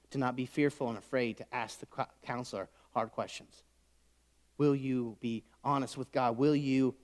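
A middle-aged man preaching a sermon, swinging from loud shouts to soft whispers. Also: medium pitch. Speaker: pastor. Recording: long hall reverb.

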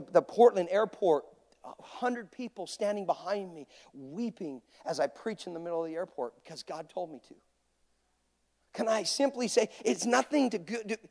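A man's voice: high voice, darkish tone. A male preacher telling stories in a conversational, anecdotal sermon. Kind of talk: sermon storytelling. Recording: long reverb of a large hall.

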